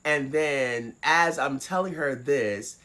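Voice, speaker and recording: A woman vlogger telling a personal story in a casual, animated way, swearing freely. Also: rumbling low, slow. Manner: animated, profane, acts out voices.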